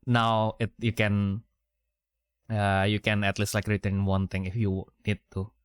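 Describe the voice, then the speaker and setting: A man with a lowish, smooth and resonant voice, recorded close on a dry mic with almost no room sound. He chats casually on a gaming podcast and reads card effects out loud, stumbling and correcting himself as he goes. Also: little pitch movement, no room sound. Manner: reads card effects haltingly, with frequent fillers and self-corrections. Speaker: podcast co-host. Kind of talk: casual chat reading out card text.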